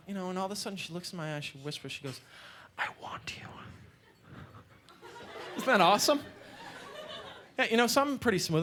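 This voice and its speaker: A male stand-up comedian performing a live set, telling stories with an animated delivery and deadpan asides, on a club stage with a handheld mic. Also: high-pitched. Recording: live club with audience laughter and room noise.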